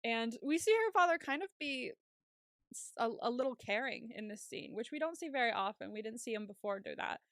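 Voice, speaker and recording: In a studio-quality recording with no echo, a podcast co-host speaks fairly quickly in a voice on the high side. The young woman breezes through an episode recap, voicing characters' quotes with lively energy.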